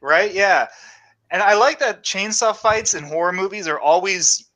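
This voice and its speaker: A man co-hosting a casual movie podcast, sarcastic and quick to laugh and swear. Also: high-pitched, sharp tone, poor audio. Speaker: podcast co-host.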